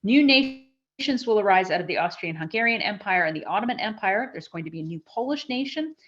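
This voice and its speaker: A woman giving a live history lecture to an audience, talking in a conversational, animated way with frequent restarts. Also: on the low side, highs cut off.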